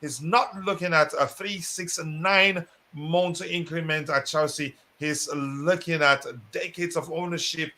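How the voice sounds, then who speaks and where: A man's voice: on the high side, steady tone, a little slow, few pauses, sharp tone. A man hosting a live football chat show, talking loosely with many fillers and restarts. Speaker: host.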